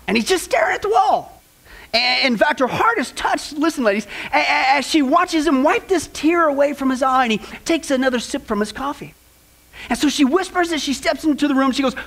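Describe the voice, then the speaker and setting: A pastor preaching a sermon, telling an animated story with stammering repeats and quizzing the congregation as he goes. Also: extremely high pitch, gravelly.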